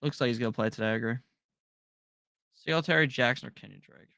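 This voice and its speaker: A man hosting a live stream, casually reading out viewer questions and firing back quick, offhand answers with slang. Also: medium pitch, vocal fry, pushed and bright, no room sound, clean studio sound. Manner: rapid-fire, offhand answers with slang and the odd curse. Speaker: fantasy football live-stream host.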